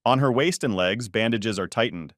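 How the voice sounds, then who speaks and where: A man narrating a fan story in a scripted, flat and even reading. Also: lowish voice, moderate pace, dry recording, clean studio sound.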